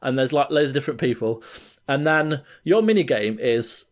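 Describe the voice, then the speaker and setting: A man's voice: medium pitch, lively intonation, moderate pace. A man co-hosting a podcast, retelling a game scene with lots of laughter and restarts. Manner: laughs while telling a story, trails off and restarts. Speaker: podcast co-host. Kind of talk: casual chat, animated retelling.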